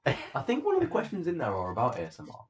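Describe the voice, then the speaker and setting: A man co-hosting a casual podcast chat, talking in a deadpan, offhand way. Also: medium pitch, fast talker, a little hiss or hum. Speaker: podcast co-host. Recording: dull lo-fi sound.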